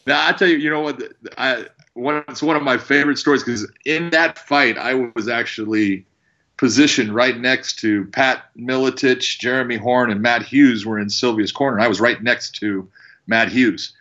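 A man who works as a fight referee, telling animated stories and acting out what people said. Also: medium pitch, normal speed, dull audio. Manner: animated storyteller, acts out quotes. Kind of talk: casual storytelling.

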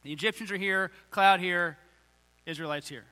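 A man's voice: high voice, normal speed, sharp tone, clear, resonant tone, long reverb tail. A man preaching a sermon, reading scripture aloud and breaking into casual, emphatic paraphrase.

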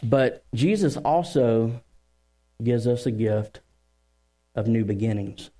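A man's voice: mid-range voice, takes it slowly. A man preaching a sermon in church as pastor, joking with the crowd and telling family stories before turning to scripture. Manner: joking, storytelling, lively crowd work.

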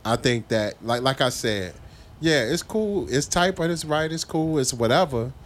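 A man's voice: mid-range voice, animated, moderate pace. Man, mid voice, casual podcast talk, hesitant under questioning. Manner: hesitant, restarts when pressed.

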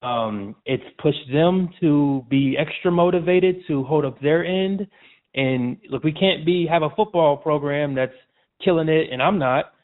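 A man's voice: on the high side, unhurried. A man as a podcast guest, chatting casually with frequent restarts and calling the host "man". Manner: casual, repeats and restarts, says "man" often. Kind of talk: casual interview chat. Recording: tinny phone-like audio.

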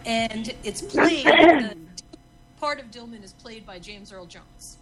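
A woman co-hosting a casual chat, recommending an old film with enthusiasm and a few halting restarts. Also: a little high, animated, fairly bright tone, slight background noise, rough recording. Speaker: podcast co-host.

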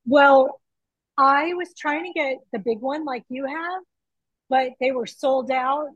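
A middle-aged woman chatting excitedly from her home kitchen over a video call, through earbuds. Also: high-pitched, slow, no echo, muffled recording. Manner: chatty, excitable, laughs easily. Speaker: guest.

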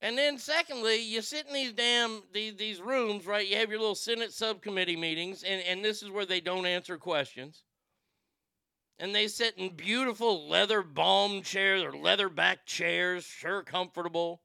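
A man with a high, bright voice rants through a casual live-stream show, swearing freely and reading viewer comments aloud. His tone is crisp and carries a gravelly edge. He is recorded on a close mic in a dry room. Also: moderate pace, no echo. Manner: profane, ranting, reads chat comments aloud. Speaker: talk show host.

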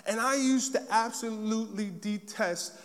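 A man with a very high voice preaches to a congregation. He tells a personal story with lively, acted-out moments. His voice rings with the long reverb of a large hall. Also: normal speed. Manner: animated storytelling, acting out scenes.

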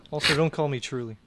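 A man's voice: on the high side, very noisy. A man co-hosting a comedy podcast, crude and joking, often laughing. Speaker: podcast co-host. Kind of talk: casual comedy podcast chat.

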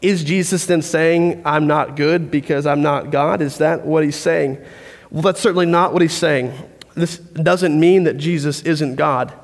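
A man preaching a sermon as pastor, conversational and animated as he tells stories. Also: fairly high pitch, unhurried. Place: church hall. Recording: long hall reverb.

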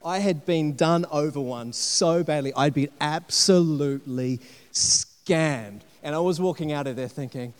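A man preaching a sermon, telling a personal story with animated delivery and acted-out quotes. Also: a little high, measured pace. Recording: long hall reverb.

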